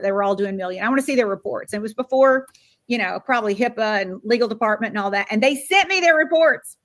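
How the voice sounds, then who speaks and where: A woman's voice: on the high side, fast. An older woman from Florida giving a motivational speech as a sales director, acting out quoted dialogue. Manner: animated, acts out quoted dialogue.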